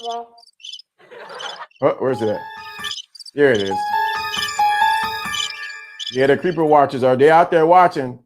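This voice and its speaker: A man hosting a casual livestream, talking to his chat in an animated, teasing way and laughing often. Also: medium pitch, slow, pauses often, music in the background. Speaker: livestream host. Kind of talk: casual live-stream chat.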